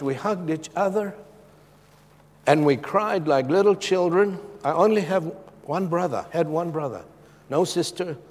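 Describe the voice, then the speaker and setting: A middle-aged man from Zimbabwe preaching a sermon, swinging from loud, emphatic lines to hushed, soft ones. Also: a little high, big-room sound.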